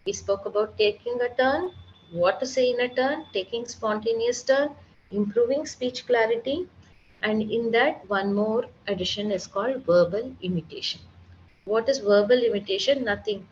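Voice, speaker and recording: A woman's voice: on the high side, normal speed. A woman speech therapist talks a seminar audience through her methods, explaining step by step and sounding out examples herself. The recording is slightly dull and muffled, with a faint hiss underneath her voice. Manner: patient, explanatory, demonstrates sounds aloud. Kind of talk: seminar lecture.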